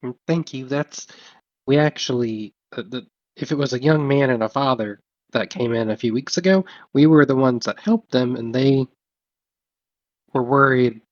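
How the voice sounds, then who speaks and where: A man's voice: medium pitch, moderate pace, no echo. A man playing a tabletop game, talking casually and a little rambling. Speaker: player. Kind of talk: casual in-character play. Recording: dry, dull lo-fi mic.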